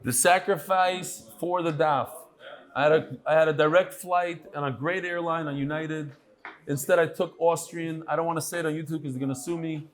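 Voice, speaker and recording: Male rabbi, upper-middle voice, animated and teasing, casual banter with the audience. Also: a little high, normal speed. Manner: animated, teasing, calls out people by name. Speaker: rabbi leading a daily study class.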